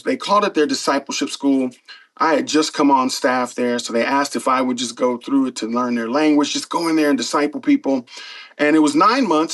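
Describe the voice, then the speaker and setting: A man's voice: medium pitch, poor audio. A middle-aged man, a pastor and former pro football player, telling stories in an earnest, casual way, with frequent fillers. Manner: earnest, animated when retelling, frequent fillers. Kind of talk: casual storytelling interview.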